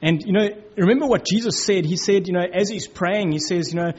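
A male preacher talks through scripture informally, his high-pitched voice fairly quick, slightly mellow and husky, with hardly any pauses. Quotes get acted out, and "you know, like" crops up constantly. The sound quality is dull and lo-fi.

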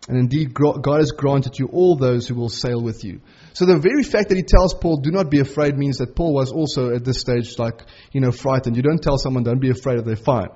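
A middle-aged man preaching a sermon in an earnest, conversational way, slowing right down on key phrases. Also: mid-range voice, mellow, husky, muffled recording.

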